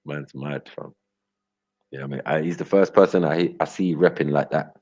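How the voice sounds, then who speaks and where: A deep, husky man rants casually on a livestream. He laughs as he talks and keeps asking "you get me?" The audio is dull and lo-fi. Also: moderate pace, a little mellow. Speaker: livestream host. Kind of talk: casual ranting commentary.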